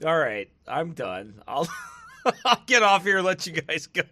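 A man's voice: fairly high pitch, big pitch swings, unhurried, pushed and bright. A man giving casual commentary to camera, mocking and often laughing between remarks, turning preachy when he gets serious. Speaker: online video commentator.

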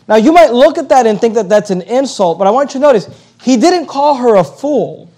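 A male preacher giving a sermon, emphatic and repetitive, his voice climbing to loud high peaks. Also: big pitch swings, a little fast.

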